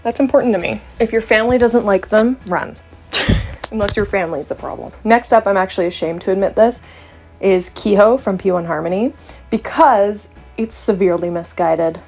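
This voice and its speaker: A woman's voice: mid-range voice, normal speed, a little mellow, faint music behind. A young woman from Canada, a vlogger chatting playfully to camera with joking asides. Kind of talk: casual chat to camera.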